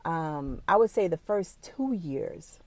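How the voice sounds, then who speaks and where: A woman's voice: sits low, lively intonation, slow pace, darkish tone, dry recording. A woman who runs her own small business, talking straight to camera in a casual, motivational way, blunt and swearing freely, at times close to tears. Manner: emotional, fighting back tears.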